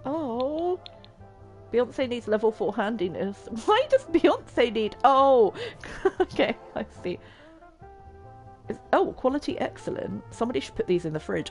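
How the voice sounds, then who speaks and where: A woman's voice: on the high side, gravelly. A young woman chatting and giggling her way through a life-sim game as a streamer. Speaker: gaming streamer. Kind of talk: casual gameplay commentary.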